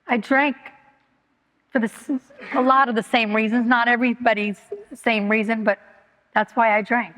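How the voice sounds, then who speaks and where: A woman giving a candid personal testimony at a recovery meeting, talking haltingly with many fillers and restarts. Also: on the high side, steady tone, fairly bright tone, a little hiss or hum. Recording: long hall reverb.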